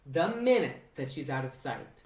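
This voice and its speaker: Animated storytelling man in an echoey room. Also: medium pitch, normal speed, creaky. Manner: animated storyteller, acts out characters, swears playfully. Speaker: podcast co-host. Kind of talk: casual recap chat.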